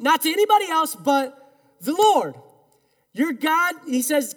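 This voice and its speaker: A man's voice: extremely high pitch, expressive, moderate pace. A male pastor preaching a sermon in earnest, emphatic tones, leading the congregation in call-and-response. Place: church sanctuary. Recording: long reverb of a large hall.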